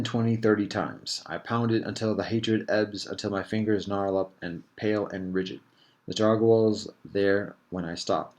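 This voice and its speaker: A man reads his own first-person fiction aloud in a very deep voice. He takes it slowly and reflectively, with soft pauses between phrases. It sounds like an author sharing his work. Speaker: author reading his story. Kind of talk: literary first-person reading.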